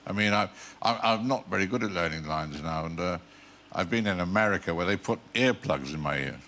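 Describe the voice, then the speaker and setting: A man's voice: low-pitched, brisk, pushed and bright, slight background noise. An older man, a guest actor on a TV talk show, telling wry anecdotes in a dry, chuckling way. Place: TV studio with live audience.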